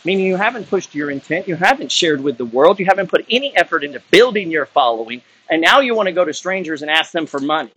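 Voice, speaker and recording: Blunt profane man, husky voice. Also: a little high, big pitch swings, fast talker, few pauses, sharp tone. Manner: blunt, profane, heated lecturing. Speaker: wealth-building content creator. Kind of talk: unscripted rant to camera.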